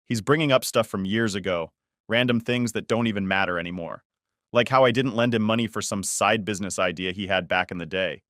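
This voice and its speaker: A man narrating a first-person family story in a steady, conversational way. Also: on the low side, fairly quick, no room sound, studio quality.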